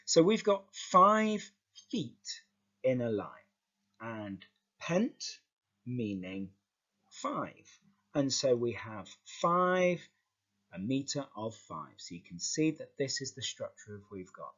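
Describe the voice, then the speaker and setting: Lively stop-start teacher, husky voice. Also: male voice, medium pitch, slow, dull audio. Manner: lively, stop-start explaining with repeated words. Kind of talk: classroom lesson explanation.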